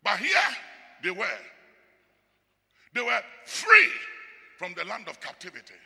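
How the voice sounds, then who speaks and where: A male pastor preaching a sermon, trading calls and answers with the congregation and swinging from shouted lines to near murmurs. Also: sits high, wildly swooping pitch, measured pace, gravelly. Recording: long hall reverb.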